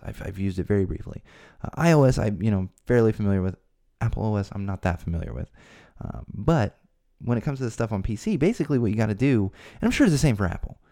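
A man with a low, dark-toned voice hosts his own podcast from a home studio. His solo talk is casual, full of jokey asides and rambling restarts.

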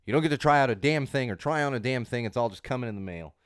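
A man in his thirties with a hoarse voice from a cold, hosting a podcast in a casual, rambling monologue with lots of restarts and emphatic repeats. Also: medium pitch, expressive, very fast, no echo. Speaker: podcast host.

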